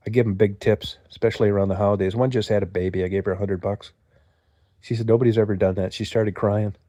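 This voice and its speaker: This is an older American livestream host whose voice is fairly low and dark, quick-paced and fairly even in intonation. Recorded in studio quality with no room sound, he rambles casually, curses heavily and talks gruffly to people in the chat.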